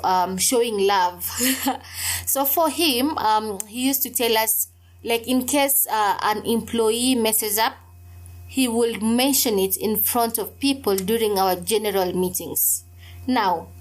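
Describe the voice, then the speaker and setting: A young woman hosting a solo podcast, telling a personal story in a candid, emphatic way with frequent fillers. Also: on the high side. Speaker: podcast host. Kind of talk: casual solo podcast talk.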